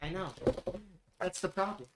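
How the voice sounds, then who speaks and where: A woman running a tabletop game as game master, narrating scenes slowly and joking with the players. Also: fairly low pitch, heavy background noise. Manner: drawn-out descriptive narration, slows down for effect. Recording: echoey room.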